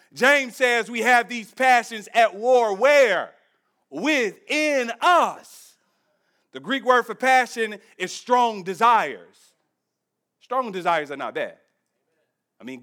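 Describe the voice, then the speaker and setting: A man pastor preaching a sermon to his church, emphatic and humorous, swinging from quiet reflection to loud exhortation while speaking straight to the congregation. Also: high voice. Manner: addresses the congregation directly, storytelling with humor. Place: church service.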